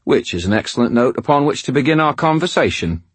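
A man's voice: mid-range voice, animated, fast, husky, no room sound, voice pushed up. A man voicing a cheerful, menacing male wizard-for-hire with a heavy Cockney accent and a smug, mocking way of talking.

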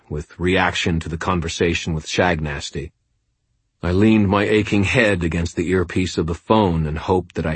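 Deep, slow male audiobook narrator. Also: slightly rough, dry recording. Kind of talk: first-person novel narration.

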